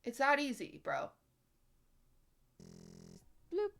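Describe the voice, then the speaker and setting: A young woman streaming live, her voice high and bright as she rants at her chat. She sounds exasperated and swears freely, pressing each point with emphatic repetition. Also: huge pitch swings, drawn-out words, vocal fry.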